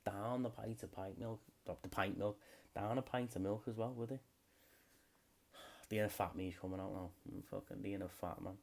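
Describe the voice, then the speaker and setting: A man's voice: on the low side, fairly even intonation, moderate pace, creaky, a little mellow. A young British man hosting a solo comedy podcast, rambling freely and swearing a lot. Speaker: podcast host.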